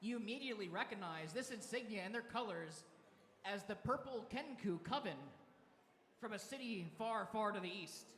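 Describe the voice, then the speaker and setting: Bright young-sounding guy running d&d, echoey hall, long ringing reverb. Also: high voice, normal speed. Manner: laughs often while narrating. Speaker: dungeon master. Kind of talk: narrating a tabletop game live. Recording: echoey hall with live crowd.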